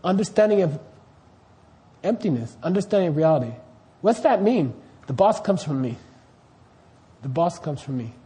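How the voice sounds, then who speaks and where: High-voiced man teaching a dharma class. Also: big pitch swings, moderate pace, long pauses, mellow. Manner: quizzes the class, keeps checking "you see what I mean?". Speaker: Buddhist teacher.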